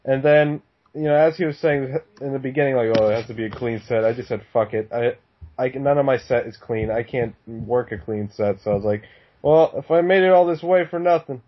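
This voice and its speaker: A man's voice: medium pitch, steady tone, brisk. A man telling a story in casual chat, swearing often and laughing. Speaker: podcast guest. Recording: dull lo-fi sound.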